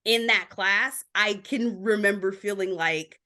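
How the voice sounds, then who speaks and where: A woman's voice: medium pitch, measured pace, pushed and bright. A woman guest on a podcast, telling her family story openly, with lots of filler likes. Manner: open, candid storytelling. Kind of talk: casual interview chat.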